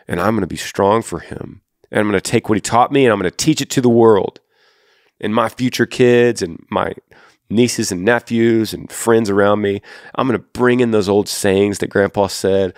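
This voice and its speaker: Speaking earnestly and straight to a listener, this podcast host offers faith-based advice. He is a Texan-accented man in his thirties with a fairly low pitch, recorded at studio quality with no room sound.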